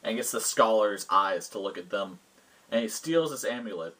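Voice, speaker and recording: A man's voice: on the low side, expressive, normal speed, fairly bright tone, slightly rough, low-quality recording. A man, the host, casually retelling a tabletop game session he ran, rambling with lots of fillers. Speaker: game master recounting a session. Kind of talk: casual storytelling.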